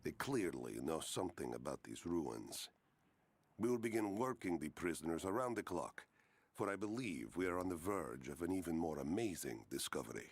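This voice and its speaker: A Russian Soviet officer reporting. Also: male voice, low voice, very animated, breathy edge, heavily acted. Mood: formal. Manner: formal, measured report delivery. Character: male Soviet officer giving a radio report.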